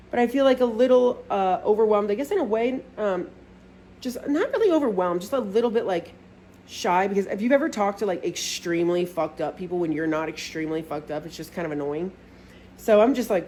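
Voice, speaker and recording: A woman's voice: mid-range voice, a little fast, dark tone, slight background noise. A young woman telling a casual storytime vlog, chatty and swearing a lot, with plenty of "like" fillers.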